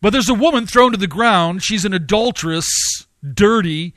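A man's voice: sits high, animated, moderate pace, a bit bright, dry recording. A man preaching a sermon, emphatic, with repeated phrases and sudden rising outbursts.

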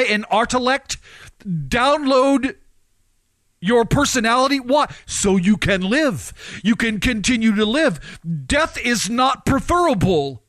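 Guy with a high voice preaching, lots of rhetorical questions, dry close sound. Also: fairly bright tone, dry recording. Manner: rhetorical questions, pitch swinging up and down. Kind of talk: preaching commentary.

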